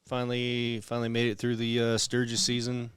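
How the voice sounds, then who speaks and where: A laid-back man from Montana chatting as podcast co-host, halting with fillers. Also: medium pitch, monotone, a bit bright, clean tone, no echo. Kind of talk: casual chat.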